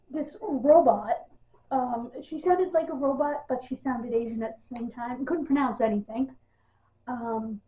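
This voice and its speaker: A woman's voice: on the high side, dark tone. A woman giving a casual, exasperated wrestling news rant, sarcastic and full of ums. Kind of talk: casual ranting monologue. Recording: tinny phone-like audio.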